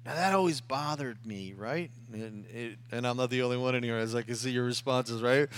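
A man preaching a sermon in an emphatic style, swinging between loud rising lines and quiet drops, often tagging "right?". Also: medium pitch, moderate pace. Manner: emphatic, rising and falling preaching with tag questions.

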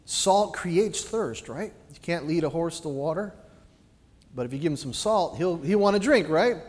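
High-voiced preacher in a reverberant church. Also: male voice, normal speed. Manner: animated, swings between loud emphasis and quiet lows. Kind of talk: sermon.

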